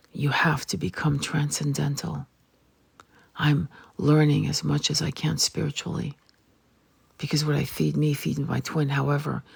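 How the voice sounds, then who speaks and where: A woman's voice: extremely low pitch, gravelly, slightly rough. A woman tarot reader giving a blunt, emphatic spiritual vlog monologue and swearing freely.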